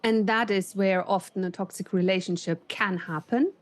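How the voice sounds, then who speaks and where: A woman's voice: mid-range voice, moderate pace, no room sound. A woman co-hosting a casual business podcast, speaking fluently and assertively. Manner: fluent, assertive, acts out quotes. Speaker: podcast co-host.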